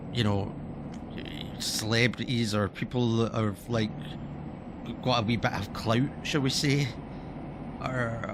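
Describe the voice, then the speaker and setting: A man's voice: medium pitch, background noise. A man from Scotland with a Scottish accent, ranting in a casual, heated and sweary way as he streams a game. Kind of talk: casual ranting commentary while playing.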